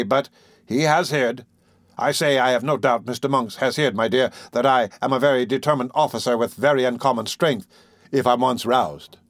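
A man's voice: mid-range voice, no echo, studio quality, natural voice. A man doing a trembling, pompous old beadle. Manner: tremulous, blustering. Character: cowardly portly older beadle, trembling and pompous.

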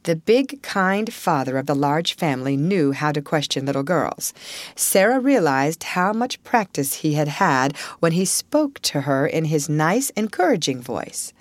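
A woman reading a storybook aloud as an audiobook narrator, in an expressive, measured way. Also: low voice, no room sound. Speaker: audiobook reader. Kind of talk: scripted narration.

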